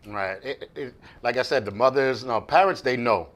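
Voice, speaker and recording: A man hosting a relaxed sit-down interview. He talks loosely and rambles a bit, filling pauses with soft asides as he leads into his next question. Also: mid-range voice. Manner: laid-back, rambling, with many fillers and soft asides. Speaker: interview host. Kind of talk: casual interview.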